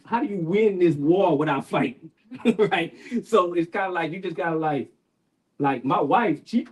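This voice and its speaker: An older man speaks at a community panel in a folksy, preacher-like way. His voice sits fairly high for a man, and he keeps tossing in "right?" to hold the room. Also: narrow, tinny audio. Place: bookshop event room.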